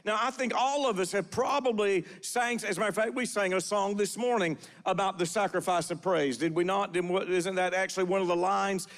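High-voiced male preacher in a reverberant church. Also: a little fast, few pauses, a bit bright. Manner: repeats phrases with filler "uh", calls for congregation response. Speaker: pastor. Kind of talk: sermon with prophetic declarations. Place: church sanctuary.

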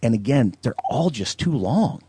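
A man's voice: mid-range voice, big pitch swings, moderate pace, warm tone, slightly rough, no room sound. A man from the American South, co-hosting a podcast and giving blunt, opinionated movie takes with lots of ums and restarts. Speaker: podcast co-host. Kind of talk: casual movie-review chat.

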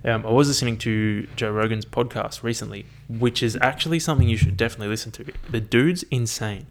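A man's voice: mid-range voice, quick pace. A young man, musing aloud in a casual, profane monologue full of fillers. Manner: profane, animated, thinks aloud with many fillers.

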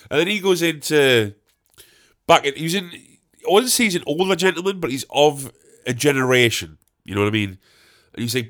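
A man's voice: mid-range voice, a bit bright. A young man telling a comic anecdote in loose, rambling fashion. He swears freely and pokes fun at himself as he goes. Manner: rambling, swears a lot, self-mocking.

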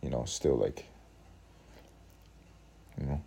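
Husky-voiced man rambling on his podcast. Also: extremely low pitch, slow, warm tone. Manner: profane, musing, laughs often. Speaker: podcast host. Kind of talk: rambling solo podcast monologue.

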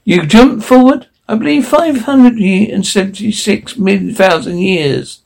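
A man's voice: sits high, measured pace, vocal fry, a little mellow, voice pushed up, full character voice. A man voicing a polite, deferential male alien waiter in a storybook reading, formal and dogged. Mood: explaining. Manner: formal, deferential, repeats 'sir'.

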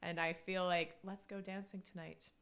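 Podcast co-host, woman, 30s, low-pitched and bright, casual and giggly. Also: little pitch movement, moderate pace, smooth. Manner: chatty, laughs often, many fillers. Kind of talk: casual chat.

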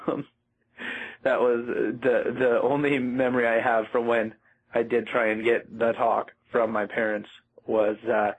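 A man telling a wry, halting story in a recorded phone message, with lots of fillers. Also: mid-range voice, little pitch movement, slightly rough. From Seattle. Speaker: guest on voicemail. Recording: tinny phone line.

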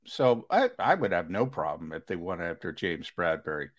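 A man co-hosting sports talk radio lays out his view for listeners in a measured, explanatory way. He uses fillers and restarts, and his pitch is lively.

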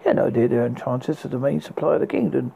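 A man's voice: medium pitch, racing, creaky, muffled recording, slight background noise. A man reading a fairy tale aloud, unpolished, often stumbling and restarting words. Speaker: narrator. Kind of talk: storybook reading.

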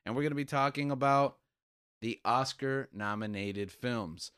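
A man hosting a casual podcast, giving relaxed, rambling explanations. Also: mid-range voice, measured pace, clear, resonant tone, dry recording, studio quality. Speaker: podcast host.

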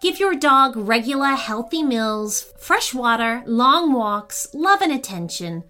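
A woman's voice: on the high side, sing-song, slow, bright, forceful tone, exaggerated voice. Woman doing an earnest, nervous dog owner. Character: polite, nervous, friendly man with a dog. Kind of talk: storybook reading.

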